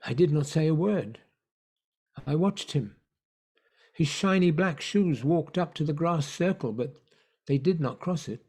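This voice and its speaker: A man narrating a story in an online play reading, measured and hushed. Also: on the high side, lively intonation, breathy edge.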